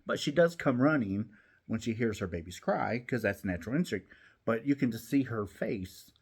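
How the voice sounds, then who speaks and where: A man's voice: mid-range voice, animated, moderate pace, slightly rough. A man hosting a knitting channel, chatting casually from home while he knits, rambling with many restarts.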